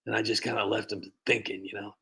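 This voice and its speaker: A man's voice: fairly low pitch, flat delivery, quick pace, creaky, pushed and bright, husky. A man chatting casually on a livestream, telling a rambling sarcastic story. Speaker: streamer.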